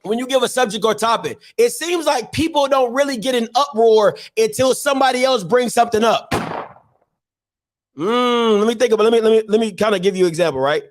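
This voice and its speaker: High-voiced man hosting a casual stream. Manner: repeats himself, drawn-out rhetorical questions. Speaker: show host. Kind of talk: casual live-stream commentary.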